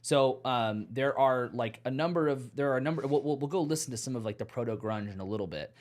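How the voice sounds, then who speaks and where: A man hosting a casual music podcast chat, animated, laughing and swearing often. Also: medium pitch, quick pace. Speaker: podcast host.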